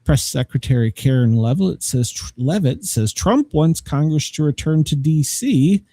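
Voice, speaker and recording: A man's voice: a little high, animated, moderate pace, mellow, no echo. A male podcast host talks in a loose, rambling way and keeps breaking into laughter at his own stories. His voice swings widely up and down as he tells them. The sound is dry and close, with no room around it. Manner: joking, rambling, laughs often. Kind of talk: casual chat.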